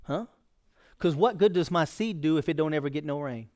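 A man's voice: a little high, brisk, a little mellow. A male pastor preaching a sermon in a folksy, conversational way.

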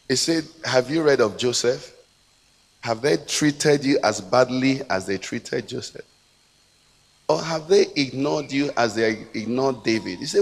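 A man preaching with a Nigerian English accent, swinging between shouted appeals and hushed prayer. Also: mid-range voice, expressive, unhurried, long reverb tail, soft background music, low-quality recording. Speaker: pastor. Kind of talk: sermon.

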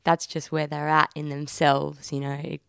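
Australian female guest, reflective soft talk, low gravelly but smooth voice, dry sound. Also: flat delivery, normal speed, no echo. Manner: soft, reflective, laughs easily. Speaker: podcast guest. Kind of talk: casual chat.

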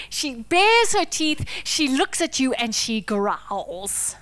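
Dramatic high-voiced woman preacher. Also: big pitch swings, takes it slowly, dry recording. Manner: dramatic, swings from intense whispers to loud declarations. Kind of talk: sermon.

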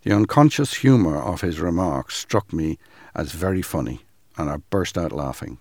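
A man giving a measured, dramatic reading of a first-person account. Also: low voice, lively intonation, darkish tone, dry recording, studio quality.

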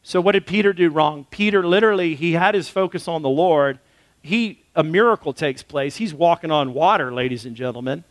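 A man preaching a sermon as pastor in a casual, animated way, acting out quotes as he goes. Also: fairly high pitch, a little fast, dry recording.

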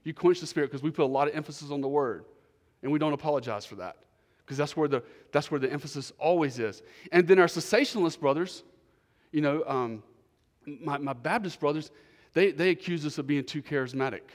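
A male pastor preaching a sermon, emphatic, repeating key phrases and dropping to quieter asides. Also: fairly high pitch, a little fast, big-room sound. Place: church.

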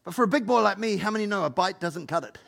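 A man preaching a sermon as pastor, animated, acting out Bible figures and joking with the congregation. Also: high voice, fast, creaky. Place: church hall.

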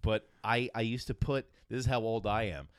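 This podcast host has a fairly low, clear, resonant voice with fairly even intonation and a moderate pace. He rambles and jokes in casual chat, restarting often. The studio sound is clean and dry.

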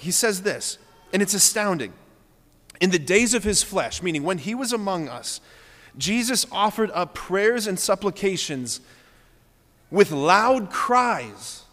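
Here a man with a high voice preaches like a Catholic priest, his earnest sermon built on repeated phrases and growing more passionate as it goes. The sound is a bit bright, and the long reverberation of a big church trails each line.

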